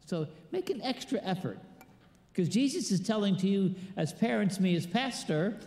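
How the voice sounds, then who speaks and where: Guy pastor preaching, bit high voice, gravelly, chatty, asks the pews stuff, echoey church. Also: expressive, normal speed, a little mellow. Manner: conversational preaching, quizzes the congregation. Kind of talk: sermon. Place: large church. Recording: echoey church hall with long reverb.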